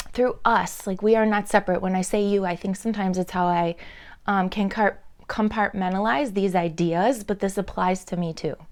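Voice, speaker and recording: A young woman talking earnestly and dreamily to camera about feelings, with lots of pauses and filler words. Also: mid-range voice, a little mellow, clear, resonant tone. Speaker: spiritual vlogger. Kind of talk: casual reflective monologue.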